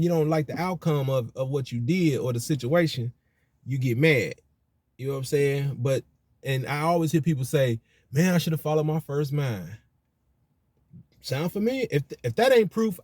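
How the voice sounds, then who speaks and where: A man's voice: on the high side, darkish tone, dry recording. Preachy man, dry close sound. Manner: preachy, repetitive "you know what I'm saying". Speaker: commentator on religion. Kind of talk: casual monologue.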